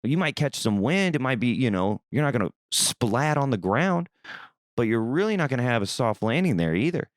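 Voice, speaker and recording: A young man from Missouri hosting a podcast, telling a rambling, animated story in a casual, swearing manner. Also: medium pitch, moderate pace, dry recording, studio quality. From Missouri, USA. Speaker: podcast host.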